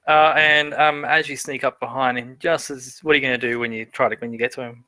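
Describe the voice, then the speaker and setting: A young man narrating a tabletop game as game master, stammering and restarting, pitching up for the characters he voices. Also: steady tone, brisk, pushed and bright, no echo.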